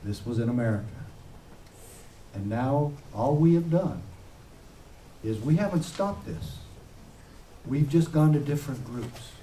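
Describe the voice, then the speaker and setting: A man, a former sheriff, giving an impassioned public speech with forceful, emphatic peaks. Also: mid-range voice, animated, measured pace, long pauses, a little hiss or hum. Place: event room. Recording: echoey room heard from a distance.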